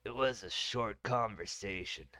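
A man voicing a terse military general who speaks in curt, measured lines. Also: on the low side, sharp tone, dry recording.

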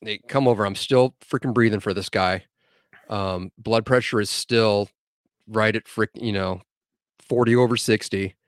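A man guesting on a podcast as a medic, telling a story in casual, animated chat with plenty of swearing. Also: on the low side, normal speed, no echo, clean studio sound.

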